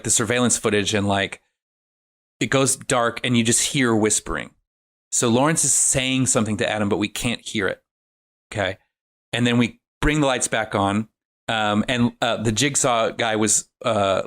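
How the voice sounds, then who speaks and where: A man's voice: fairly low pitch, fairly bright tone. A man in casual chat, recapping a film in a loose, rambling way with many fillers. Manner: rambling, filler-heavy storytelling. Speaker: podcast guest recapping a film.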